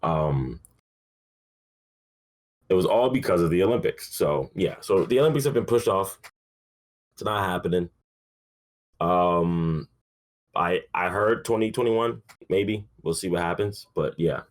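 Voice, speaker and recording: A man's voice: low-pitched, lively intonation, measured pace, long pauses. A young man hosting a casual solo sports podcast, rambling and swearing freely in a sleepy, offhand way. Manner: rambling, profane, laid-back with frequent fillers. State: sleepy, yawning. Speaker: podcast host.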